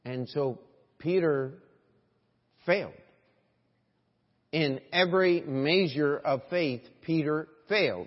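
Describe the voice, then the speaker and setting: Guy preaching sunday morning, slightly high voice, echoey hall, kinda muffled recording. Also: slow, pauses often. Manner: preaching with rhetorical questions and voiced scripture quotes. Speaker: pastor. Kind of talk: sermon. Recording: dull lo-fi church audio with long hall reverb.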